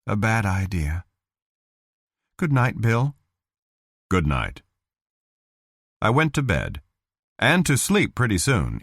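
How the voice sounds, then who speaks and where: A man reading a hardboiled detective audiobook in the first person, with a dry, measured delivery. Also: low-pitched, a bit bright, no echo. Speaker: audiobook narrator.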